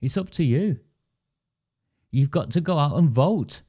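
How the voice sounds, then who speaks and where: A man's voice: fairly high pitch, expressive, measured pace, mellow. Indignant man ranting. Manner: indignant, emphatic, reads viewer comments aloud. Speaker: livestream host. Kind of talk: political livestream commentary.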